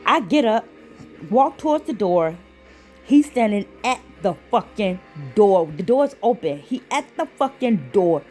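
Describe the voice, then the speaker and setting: A woman's voice: mid-range voice, unhurried, soft background music. Chatty woman vlogging from bed. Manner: chatty, swears freely, animated retelling. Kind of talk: casual storytelling vlog. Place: lying in bed at home.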